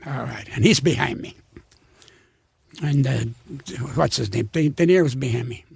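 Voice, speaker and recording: A man's voice: mid-range voice, normal speed, vocal fry, a little mellow, husky, no room sound. An older man, a comedian guest, telling stories in an indignant, profane, stammering rant. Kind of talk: ranting storytelling.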